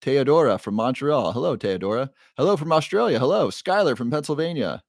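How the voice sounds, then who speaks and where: A man's voice: mid-range voice, lively intonation, brisk, gravelly, dry recording, clean studio sound. A man hosting a casual livestream, greeting viewers by name and reading chat in an upbeat way. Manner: upbeat, reads out chat names, playful roars. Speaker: livestream host, neuroscientist.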